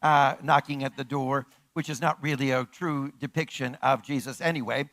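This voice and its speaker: A man preaching a sermon as pastor. He repeats his points and asks the congregation rhetorical questions, moving from hushed, close lines to loud, emphatic calls. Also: mid-range voice, steady tone, normal speed, no echo.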